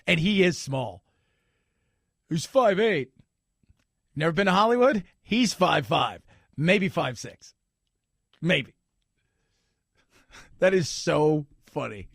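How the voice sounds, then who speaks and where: A male talk radio host riffing in a jokey, animated way, with a high voice that leaps around a lot. The sound has a gravelly edge and is close and dry in the studio. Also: slow, pauses often, dry recording. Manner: animated, jokey, loud laughs. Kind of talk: casual talk radio banter.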